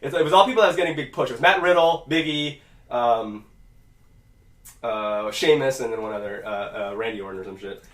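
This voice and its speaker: A man's voice: mid-range voice, brisk. Rambling man on an echoey podcast. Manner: rambling, profane, animated when quoting. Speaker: podcast host. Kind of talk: casual podcast chat. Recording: echoey room, mic at a distance.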